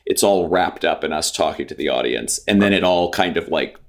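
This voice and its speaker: Brief: very low male voice, comedian guest, animated anecdotes. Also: brisk. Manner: animated storyteller, laughs often. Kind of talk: casual podcast chat.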